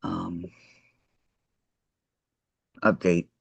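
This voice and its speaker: A man hosting a crafting video call, chatting casually and laughing often, with his voice going hoarse. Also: deep voice, completely flat delivery, drawn-out words, no room sound. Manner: chatty, laughs often, greets viewers warmly. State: losing his voice. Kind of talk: casual chat while crafting. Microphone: computer microphone on a video call. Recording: dull lo-fi video call audio.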